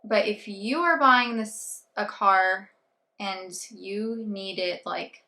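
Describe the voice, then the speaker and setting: A young adult woman vlogging casually, telling a story in an animated way and acting out her own thoughts and what others told her. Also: medium pitch, slow pace.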